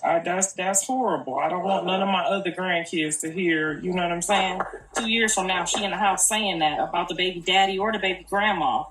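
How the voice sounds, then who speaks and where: A woman's voice: fairly low pitch, fairly quick, a bit bright. An older woman, a grandmother, talking casually and earnestly on a live stream, repeating herself in colloquial speech. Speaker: grandmother speaking on a live video. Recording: echoey, distant, noisy.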